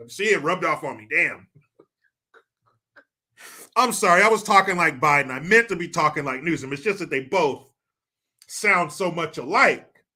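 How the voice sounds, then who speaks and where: A man's voice: a little high, animated, normal speed, sharp tone. A man hosting casual, profane commentary, sarcastic with muttered crude asides. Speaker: commentary host.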